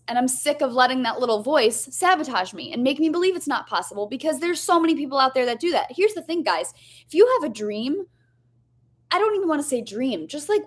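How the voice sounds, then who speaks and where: A young woman coach giving a candid, chatty motivational lesson, often asking "right?" and swearing casually. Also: high voice. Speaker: life coach.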